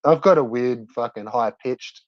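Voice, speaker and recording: Brash Australian man, slow drawl. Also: mid-range voice, dry recording, highs cut off. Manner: brash, profane banter. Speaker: streamer. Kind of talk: casual chat answering viewers.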